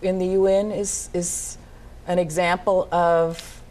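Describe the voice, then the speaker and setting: Mellow-voiced woman host asking questions. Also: on the low side, flat delivery. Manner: probing, halting questions. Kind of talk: TV talk show interview.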